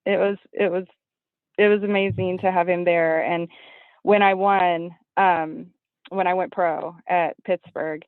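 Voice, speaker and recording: A woman in her thirties, a guest on an interview show, telling stories animatedly and acting out quotes in a high voice. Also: steady tone, unhurried, no room sound. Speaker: podcast guest, bodybuilding competitor. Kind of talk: casual interview chat. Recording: tinny phone-like line, dry.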